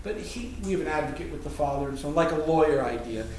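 A man's voice: on the high side, animated, fast, darkish tone, slight background noise. Echoey male preacher, far from mic. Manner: explanatory, conversational, emphatic. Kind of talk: Bible teaching sermon.

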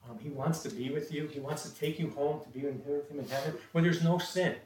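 A man's voice: on the high side, fairly quick, darkish tone. A man preaching a sermon, emphatic and repetitive, often restarting his sentences with fillers. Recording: roomy echo, distant mic, faint noise.

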